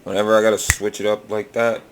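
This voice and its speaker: A man's voice: fairly low pitch, flat delivery, fast talker, noisy background. A man hosting a reaction video, rambling casually and swearing often in a laid-back drawl.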